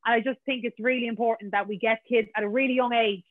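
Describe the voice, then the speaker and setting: A woman's voice: on the high side, fairly even intonation, quick pace, no echo. A woman, chatting agreeably as an interviewer. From Ireland. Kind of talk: casual interview talk. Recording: dry, tinny phone-like line.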